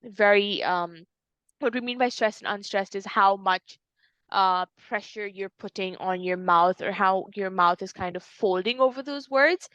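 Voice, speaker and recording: A woman's voice: medium pitch, measured pace, fairly bright tone, dry recording, highs cut off. A woman tutor explaining a poem in an online lesson, in a patient, explanatory way with some fillers. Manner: explanatory, uses fillers and restarts.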